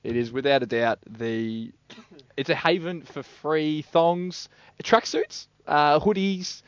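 A man's voice: a little high, takes it slowly, smooth, dry recording, highs cut off. A man with an Australian accent co-hosting a radio show, telling jokey stories and laughing often. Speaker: radio co-host. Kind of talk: casual radio chat.

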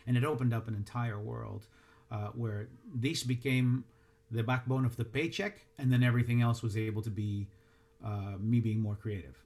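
Male voice actor in an interview, mid pitch, thoughtful and halting, often restarts his sentences. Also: steady tone, a little mellow. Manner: halting, reflective, many restarts. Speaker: voice actor and dialect coach. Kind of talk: interview answers.

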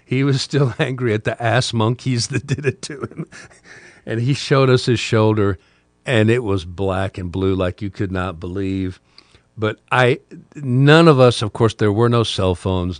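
A man's voice: on the low side, no echo. An older man, a podcast host with a talk radio past, casually telling a rambling story with repeated words.

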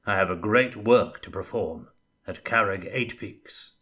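A man voicing a booming zealous knight. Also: a little slow, breathy edge, full character voice. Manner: loud, commanding, fervent. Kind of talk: audiobook character voice.

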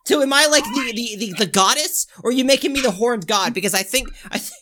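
A young woman co-hosting a casual podcast chat, loud and rambling, breaking into laughter and silly voices. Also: on the high side, quick pace. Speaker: podcast co-host.

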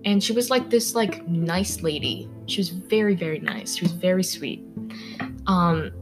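A woman's voice: lowish voice, measured pace. A young woman hosts a laid-back true-crime podcast, chatting through the story with constant fillers. She trips over names as she goes. Faint music sits under her voice. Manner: rambling, filler-heavy, stumbles over names. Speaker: podcast host. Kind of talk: casual true-crime chat.

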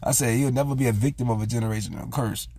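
A man's voice: mid-range voice, steady tone, fast, dark tone, husky, no echo. A man hosting his own vlog, talking earnestly and casually about raising his son, often retelling what he said with "I said". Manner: earnest, repeats "I said" while retelling talks. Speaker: vlog host. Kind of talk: casual heartfelt monologue.

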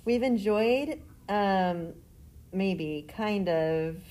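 A woman's voice: mid-range voice, animated, extremely slow, a little mellow. A woman teacher chatting on a class podcast with her co-host, teasing her students affectionately. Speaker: middle school teacher. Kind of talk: casual podcast chat with students.

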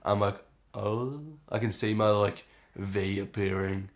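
Low-voiced teenage guy telling a story. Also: normal speed. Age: late teens. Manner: animated, acting out his own reactions. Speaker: podcast host. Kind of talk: casual storytelling.

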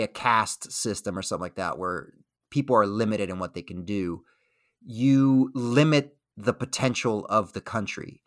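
A man speaking as a guest in an interview, thoughtful and measured, pausing to restart his sentences as he works through ideas. The sound is dry and close. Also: on the low side, a bit bright, no room sound. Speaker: guest comedian and military veteran. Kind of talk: casual interview.

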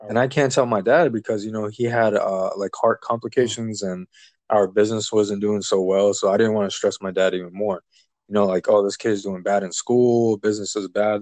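A man's voice: on the low side, no room sound. A man telling a personal story in casual chat, acting out the voices of the people in it. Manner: animated, acts out quoted dialogue. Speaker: guest telling a life story.

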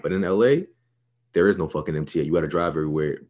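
A young New Yorker co-hosting a podcast speaks in a low-pitched, darkish voice at a racing pace. Hyped and swaggering, he swears often while talking up his picks in casual banter.

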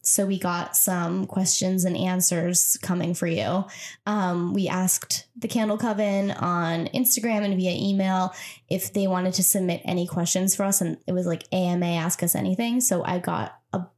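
A woman's voice: fairly low pitch, steady tone, moderate pace, darkish tone. Chatty self-mocking young woman co-host. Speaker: podcast co-host. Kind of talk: casual chat.

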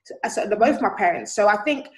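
A woman's voice: medium pitch, lively intonation, fast, poor audio. A young woman in casual chat, thoughtful and a little hesitant as she starts her points. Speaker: panel guest.

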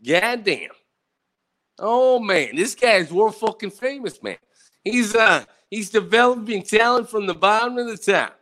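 A man's voice: high-pitched, expressive, measured pace, a bit bright. A man hosting a show, reacting to podcasts with sarcastic, exasperated, profane commentary. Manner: sarcastic, exasperated, swears a lot.

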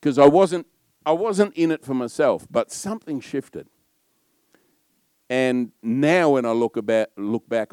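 A middle-aged man with an Australian accent, a pastor preaching a sermon in a loud, warm storytelling manner. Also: medium pitch, measured pace, dry recording.

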